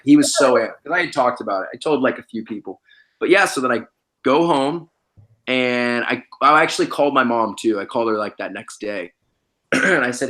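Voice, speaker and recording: This young man, a podcast guest and ex-reality show contestant, has a medium-pitched, expressive voice with a sharp tone and a brisk pace. His casual chat is slangy and relaxed, wandering along with plenty of fillers.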